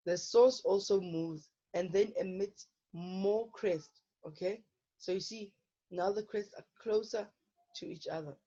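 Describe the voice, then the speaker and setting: A woman's voice: medium pitch, warm tone, breathy edge. A woman teaching a physical science lesson, often checking in with her students by asking "okay?". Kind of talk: online lesson explaining problems. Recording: dull lo-fi online lesson audio.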